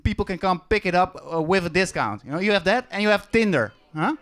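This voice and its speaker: Halting comedian, high voice. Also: male voice, animated, fairly bright tone. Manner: halting, repeats words, addresses crowd. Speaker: stand-up comedian. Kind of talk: stand-up set. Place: comedy club stage.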